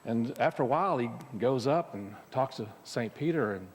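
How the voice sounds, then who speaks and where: A minister speaks to his congregation in a church sanctuary, giving a conversational spiritual talk where he often restarts sentences and uses fillers. His mid-range voice is animated and moderately paced, with long hall reverb around it.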